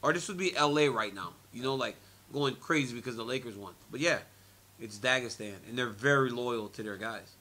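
A man's voice: medium pitch, fairly quick. A man in his forties in a media interview, telling stories with lots of laughter and repeated phrases. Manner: animated storyteller, laughs often, repeats phrases. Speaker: interviewee, former fighter and commentator.

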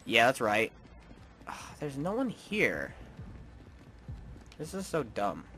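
A man's voice: mid-range voice, huge pitch swings, takes it slowly, sharp tone, a little hiss or hum. A man commenting on his gameplay, joking and trash-talking the game's characters. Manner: taunting, joking, mock-tough trash talk. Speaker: gaming streamer.

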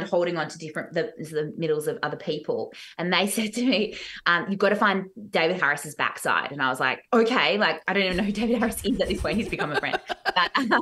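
A woman with an Australian accent, a podcast guest, chatting casually and telling animated stories about stage work. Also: on the low side. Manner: animated storytelling with laughs. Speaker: guest, musical theatre actress.

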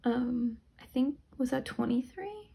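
A woman's voice: high-pitched, animated, a little slow, vocal fry, dark tone. A young woman casually reviewing products, chatty and rambling, sounding tired. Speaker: beauty vlogger.

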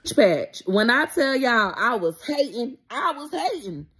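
A woman's voice: a little high, big pitch swings, a little slow, fairly bright tone, husky. A woman content creator ranting in a casual vlog, talking straight to her followers, profane and repeating herself when upset. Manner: addresses her followers directly.

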